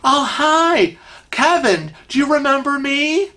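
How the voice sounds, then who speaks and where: A man's voice: very high-pitched, lively intonation, slow, sharp tone, pitched above the performer's own voice, exaggerated voice. A man voicing a flustered man caught off guard, hesitant and stammering.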